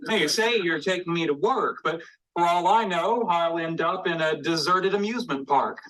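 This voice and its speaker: A man's voice: fairly high pitch, moderate pace, a bit bright, close to an everyday voice, rough recording. A man playing a sarcastic suspicious passenger. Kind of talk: sitcom acting.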